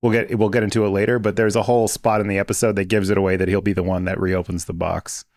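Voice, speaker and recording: Fast-talking low-voiced man, dry sound. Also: flat delivery, darkish tone, no echo. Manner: quick, hinting at theories. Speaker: podcast co-host. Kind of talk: casual discussion.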